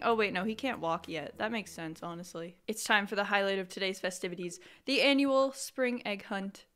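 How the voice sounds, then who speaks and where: Brief: young female gamer, bright tone, dramatic excitable commentary with loud outbursts, desk mic. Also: mid-range voice, moderate pace, hardly any pauses, faint music behind. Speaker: gaming YouTuber. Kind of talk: casual let's-play commentary.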